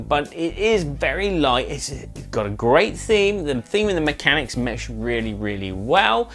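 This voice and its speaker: A man's voice: a little high, big pitch swings, measured pace, hardly any pauses, fairly bright tone, soft background music. A man hosting a casual board game review video, explaining rules in a chatty, rambling way with fillers and self-corrections. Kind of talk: casual monthly review chat.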